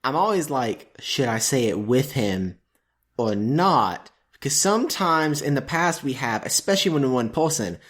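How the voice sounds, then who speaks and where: Podcast co-host, casual, rambling, lively pitch. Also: normal speed. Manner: rambling, chatty, laughs a lot. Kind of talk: casual chat.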